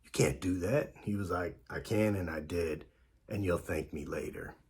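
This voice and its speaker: A man's voice: deep voice, moderate pace, a little mellow, slightly rough. A man casually telling a story about his past, full of fillers and quoted back-and-forth dialogue.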